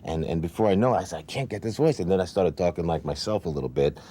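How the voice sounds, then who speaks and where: A man's voice: low-pitched, fast, warm tone. A man with a North Jersey accent recalling comedy writing in playful interview talk. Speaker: comedy cast member.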